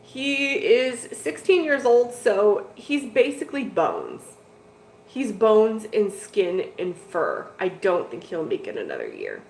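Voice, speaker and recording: A woman chats casually to her viewers, rambling from one thing to the next with a steady stream of "like" and "dude." Her voice sits at a middle pitch. The room is echoey, with a faint background hum. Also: slow, creaky. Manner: rambling and chatty, with lots of "like" and "dude". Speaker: host of a fish-keeping live stream. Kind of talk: casual live-stream chat, answering viewers. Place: home room with fish tanks.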